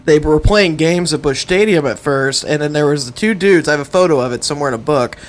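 A man with a somewhat high voice chats on a podcast. He rambles through a picture he remembers, amused and casual. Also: quick pace. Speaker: podcast co-host.

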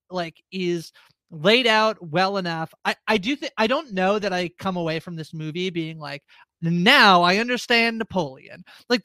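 A woman's voice: mid-range voice, fairly bright tone, no echo, studio quality. A woman co-hosting a casual movie review podcast, rambling with lots of fillers. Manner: rambling, heavy use of "like" and fillers. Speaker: podcast co-host.

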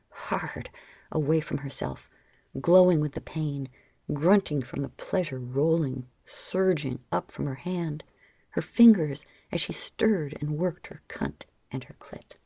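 A woman reading an erotic story aloud as audiobook narration, often sinking into a soft whisper. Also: low-pitched, creaky, husky, dry recording. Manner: soft, frequently dropping into whispers.

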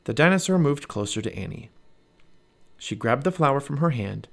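A man reading a children's storybook aloud as narrator, expressive and animated. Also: medium pitch, normal speed, vocal fry.

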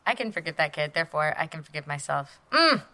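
A woman's voice: low-pitched, sing-song, fast talker, bright, forceful tone. A woman co-hosting a podcast in a playful, chatty and self-deprecating way. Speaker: podcast co-host. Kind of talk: casual podcast chat.

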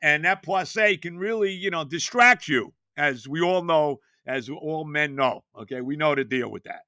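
An older man hosts a sports podcast and talks in a bright, forceful tone that sits a little high for a man. He hammers his points home with rhetorical questions. The sound is dry and close, with little room around it. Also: normal speed, no echo. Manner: animated, emphatic rhetorical questions. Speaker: podcast host. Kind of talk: casual sports talk.

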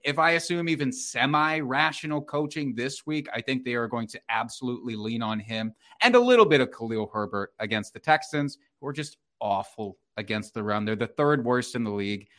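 A man's voice: mid-range voice, a little fast, few pauses. A man co-hosting a sports podcast, going over running back stats in an informal, chatty way. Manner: lively, bright, informal. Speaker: podcast co-host. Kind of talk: casual fantasy football chat.

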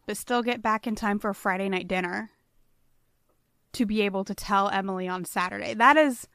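A woman's voice: mid-range voice, moderate pace, a bit bright, no room sound, studio quality. A woman co-hosting a podcast in casual chat, reasoning things out matter-of-factly. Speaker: podcast co-host.

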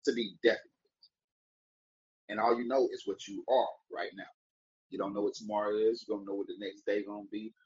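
A man's voice: fairly low pitch, level tone, a little fast, pauses often, highs cut off. A man talking casually and playfully to his viewers, rambling with jokes and wordplay while wishing them a good day. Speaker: vlogger giving daily encouragement. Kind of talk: casual motivational talk to camera.

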